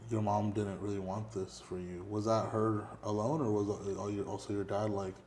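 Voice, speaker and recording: A man with a fairly low voice asks interview questions in a flat, even tone. He hesitates between words, with fillers. A faint noise runs underneath. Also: normal speed.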